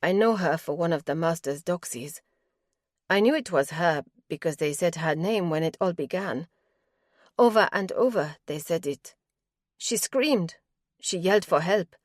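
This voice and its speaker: A woman's voice: lowish voice, measured pace, no echo, clean studio sound. A woman voicing a distraught young woman accused of murder, pleading in a raised, breathless way.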